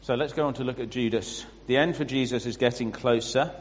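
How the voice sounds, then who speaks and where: A man preaching a sermon, explaining scripture with pauses and restarts. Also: mid-range voice, fairly even intonation, slight background noise. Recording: muffled sound with long hall reverb.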